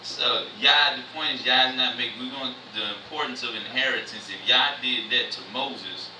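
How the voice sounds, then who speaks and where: A man giving a casual sermon in church, reading scripture slowly and then explaining it in loose everyday slang. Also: medium pitch, recorded from a distance, noisy background. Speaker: church speaker. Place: church sanctuary. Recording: echoey church room, mic from afar.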